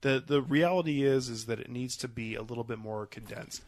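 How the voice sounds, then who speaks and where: A man's voice: medium pitch, a little fast, a little mellow. A man hosting a casual film review podcast, rambling and hedging with many fillers, with a cold and the odd cough. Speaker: podcast host.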